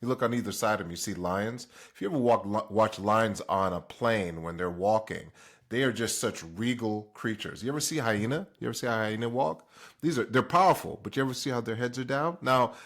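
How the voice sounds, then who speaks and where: Man from Jamaica, fairly low voice, hosts a motivational talk, punchy questions aimed at the audience. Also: fairly quick, a bit bright. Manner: emphatic, fires rhetorical questions at the listener. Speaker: host.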